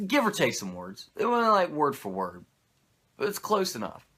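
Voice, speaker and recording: A man's voice: mid-range voice, huge pitch swings, moderate pace, a bit bright, breathy edge. A male host giving a comedic, profane and sarcastic wrestling recap.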